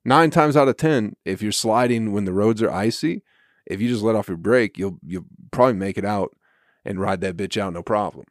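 A man's voice: on the low side, moderate pace, no room sound, clean studio sound. A man hosting his own comedy podcast, ranting casually and profanely into a podcast microphone and breaking into chuckles.

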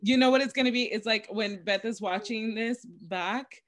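A woman's voice: on the high side, moderate pace, a little hiss or hum. Enthusiastic woman podcast co-host. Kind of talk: casual chat.

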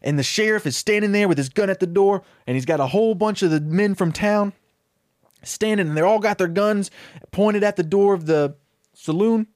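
A young man pitches a comedy story in a loose, rambling way, jumping into the characters' voices as he goes. His voice sits a little high, and the recording is close and dry. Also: moderate pace, darkish tone, dry recording. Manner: casual, rambling, acts out characters' lines.

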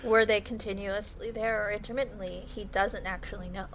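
A woman's voice: mid-range voice, fairly even intonation, a little fast, slight background noise, low-quality recording. A woman co-hosting a podcast who is losing her voice, chatting casually about an episode. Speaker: podcast co-host.

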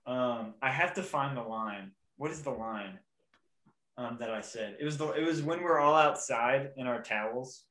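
A man's voice: medium pitch, normal speed, a bit bright. A young man hosting a podcast in casual chat, rambling, laughing and trying out impressions. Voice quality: describes own voice as weaselly. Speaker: podcast host. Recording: echoey room.

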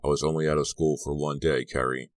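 A man's voice: a bass voice, level tone, a little fast, no room sound. A man reading a brash teasing teenage boy. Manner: teasing, needling jokes. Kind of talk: audiobook character reading.

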